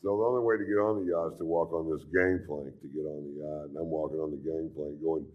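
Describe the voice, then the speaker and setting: Deep-voiced drawling stand-up comic. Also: male voice, steady tone, fast, narrow, tinny audio, a little hiss or hum. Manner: drawling, profane, laid-back storytelling. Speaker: stand-up comedian. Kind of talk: stand-up storytelling.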